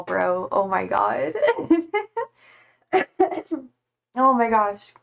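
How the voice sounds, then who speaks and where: A tired young woman livestreamer chatting casually, reading out viewer comments with lots of fillers and a slightly hoarse voice. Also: medium pitch, very slow, long pauses. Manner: rambling, hesitant, many fillers and swear words.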